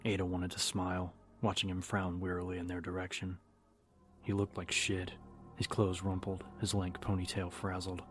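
A man with a very deep voice narrates a horror story in a steady, even manner. His delivery stays flat with little melodic movement, and a clear music bed plays under his voice. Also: normal speed. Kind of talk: audiobook-style story narration.

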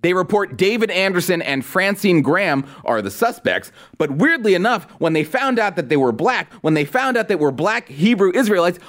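A man's voice: high-pitched, moderate pace, hardly any pauses. Sarcastic man hosting a commentary podcast. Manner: sarcastic, mocking, animated. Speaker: podcast host. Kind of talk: political commentary podcast with ad read.

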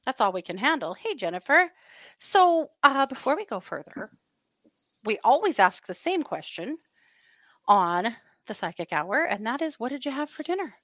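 A woman's voice: on the high side, unhurried, dry recording. A middle-aged woman hosting a podcast, telling stories in casual chat with lots of laughter. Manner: laughing storyteller, animated retelling. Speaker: podcast host.

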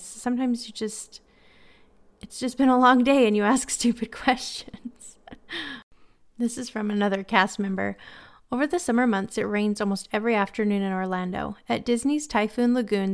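A woman's voice: mid-range voice, clean tone. A woman hosting a podcast, reading listener stories aloud in a casual chat with frequent laughs. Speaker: podcast host.

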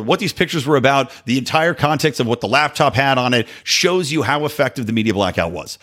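Man ranting in a very lively voice. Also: mid-range voice. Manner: sarcastic ranting with asides. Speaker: podcast host. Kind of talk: opinionated political commentary.

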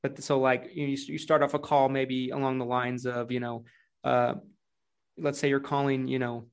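A man guests on a podcast, talking about his sales work. His voice is gravelly with a lot of vocal fry, and his speech is chatty and full of "like"s. He sits at an ordinary middle pitch. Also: level tone, moderate pace. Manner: chatty, uses many filler "like"s. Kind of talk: casual conversational podcast chat.

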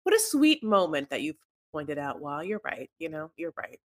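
A woman's voice: low voice, very animated, normal speed. A woman co-hosting a podcast, telling a reality-show recap in a rambling, playful way. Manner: rambling, lots of fillers, playful. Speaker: podcast co-host. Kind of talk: casual recap chat.

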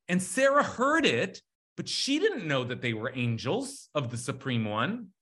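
A man teaching a lively text study class, talking excitedly with frequent restarts. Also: fairly high pitch, measured pace.

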